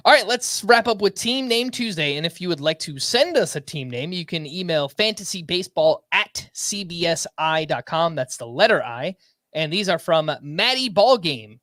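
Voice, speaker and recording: A man co-hosting a sports podcast in casual chat, animated as he reads out listener submissions. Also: a little high, moderate pace, no echo, studio quality. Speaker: fantasy baseball podcast co-host.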